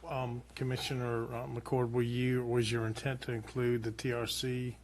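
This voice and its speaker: A man chairs a county board meeting and runs the motions and votes step by step. His voice stays flat and even. A faint background noise sits under the recording. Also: medium pitch, normal speed. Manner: procedural, brief.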